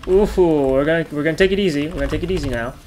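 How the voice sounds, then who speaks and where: A man hosting his own gaming channel, talking through his play, yelling and laughing at close calls. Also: on the high side, very fast, soft background music. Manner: chatty, talks over his play. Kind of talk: gameplay commentary.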